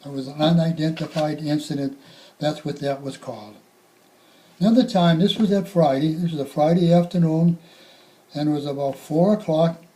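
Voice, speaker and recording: Older man recounting fire calls, bright. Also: a little high, a little hiss or hum, low-quality recording. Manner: halting, reflective, repeats words. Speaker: retired firefighter telling stories. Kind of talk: spoken reminiscence.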